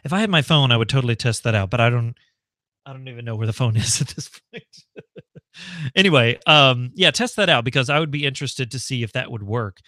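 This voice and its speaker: Bright, chatty American man live-streaming. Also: mid-range voice, animated, brisk, no room sound, clean studio sound. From United States. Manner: chatty, thinks aloud, frequent ums and laughs. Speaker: livestream host. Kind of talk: casual live Q&A. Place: home.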